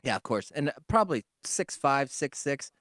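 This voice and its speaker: A man co-hosting a comedy podcast, telling a story in a casual, animated way, swearing and acting out the voices of the people in it. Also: mid-range voice, normal speed, dry recording, clean studio sound. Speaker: podcast co-host.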